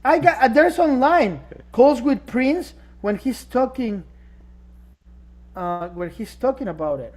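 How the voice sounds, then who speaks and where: A man's voice: very high-pitched, expressive, measured pace, darkish tone. A man co-hosting a casual podcast discussion, talking emphatically and rhetorically, sometimes searching for words. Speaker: podcast co-host. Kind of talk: casual chat.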